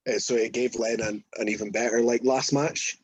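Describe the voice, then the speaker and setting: Husky man telling stories. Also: medium pitch, fairly even intonation, normal speed, no room sound, low-quality recording. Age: 30s. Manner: swearing, laughing, rambling anecdotes. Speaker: podcast guest, wrestler. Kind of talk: casual storytelling chat.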